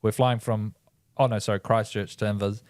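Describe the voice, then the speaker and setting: A man's voice: lowish voice, level tone, moderate pace, a little mellow, dry recording, studio quality. A man with a New Zealand accent, co-hosting a podcast and telling a rowdy, sweary story. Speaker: podcast co-host. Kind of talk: casual storytelling.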